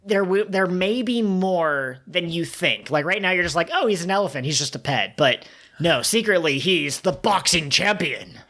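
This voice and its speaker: A woman co-hosting a podcast in casual chat, animated and laughing often as she riffs on theories. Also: fairly low pitch, normal speed. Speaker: podcast co-host.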